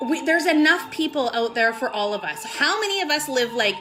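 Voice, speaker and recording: A woman's voice: high voice, expressive, fairly quick, over music. A woman vlogging casually to her business team, gushing and rambling with lots of "like" and "totally", sometimes close to tears. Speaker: network marketing vlogger. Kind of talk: casual motivational vlog.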